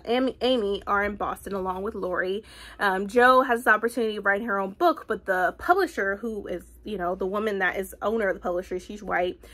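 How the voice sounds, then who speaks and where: A book vlogger reviews a book in a casual video, her mid-range voice chatty and rambling. She fills her talk with fillers and throws in animated asides.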